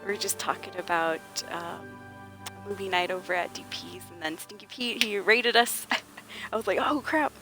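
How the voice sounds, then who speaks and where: With game music in the background, a woman streamer talks at normal speed in a lowish, fairly even voice. She chats casually with her viewers, greets them by name and laughs a lot.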